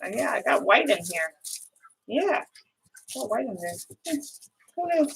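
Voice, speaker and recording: A woman's voice: mid-range voice, sing-song, measured pace, creaky, fairly bright tone, a little hiss or hum, rough recording. An older grandmother chatting casually while she crafts, musing aloud with little hums as she works at a home table.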